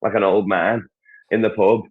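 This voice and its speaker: A man's voice: lowish voice, flat delivery, moderate pace, narrow, tinny audio. A man from Liverpool with a Scouse accent, a stand-up comedian chatting crudely and rambling as a podcast guest. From Liverpool, England. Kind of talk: casual podcast chat.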